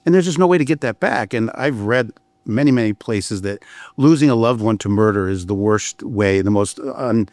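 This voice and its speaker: A man's voice: fairly low pitch, moderate pace, darkish tone, dry recording. Blunt, profane man on a dry mic. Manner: blunt and profane, storytelling with frequent restarts. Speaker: criminal defense attorney. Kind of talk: candid podcast conversation.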